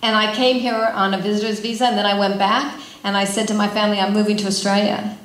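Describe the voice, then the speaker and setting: A middle-aged woman from California giving an inspirational talk to a gathering, chatty and animated, often asking the audience questions. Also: medium pitch, fast talker. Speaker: spiritual speaker. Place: large room with an audience. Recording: echoey hall.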